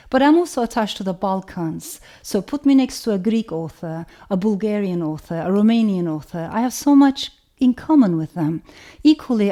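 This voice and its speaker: A woman author with a Turkish accent, speaking in a thoughtful, measured way and often saying "you know". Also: medium pitch, warm tone. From Turkey. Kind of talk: reflective talk to camera.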